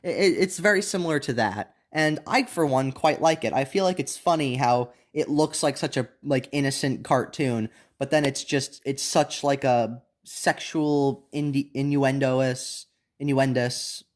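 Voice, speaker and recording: A young man with a voice of ordinary middle pitch talks through his opinions on a show. He rambles loosely, doubling back on words and filling pauses with ums. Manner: rambling, many restarts and fillers. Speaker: anime reviewer. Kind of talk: casual unscripted review.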